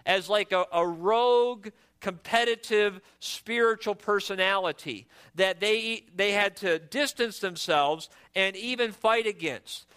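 Bright, high-voiced male preacher. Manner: earnest, with frequent repeated words and restarts. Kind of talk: sermon.

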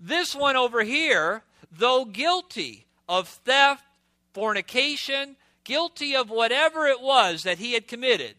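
A man's voice: very high-pitched, animated, measured pace, pushed and bright, dry recording. A man preaching a sermon, reading scripture aloud and stressing key words by repeating them and putting rhetorical questions to his listeners. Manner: asks the audience rhetorical questions.

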